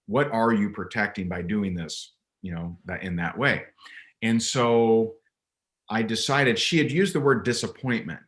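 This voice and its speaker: A man's voice: fairly low pitch, unhurried, a bit bright. A man, a business coach and interview guest, telling a story from a coaching call in an emphatic, conversational way and often restarting his thoughts. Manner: emphatic, repeats words when restarting a thought.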